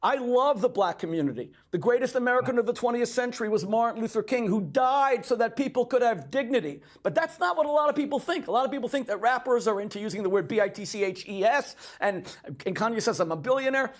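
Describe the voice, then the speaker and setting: A man's voice: very high-pitched, expressive, fast talker, few pauses. Emphatic man pressing his point. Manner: emphatic, repeatedly demands to respond. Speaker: debate guest. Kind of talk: heated debate.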